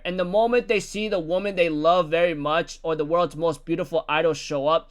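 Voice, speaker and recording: A young man giving a casual, excitable recap of a manga chapter, acting out the characters' quotes amid lots of fillers. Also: high-pitched, moderate pace, clean tone. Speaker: manga reviewer.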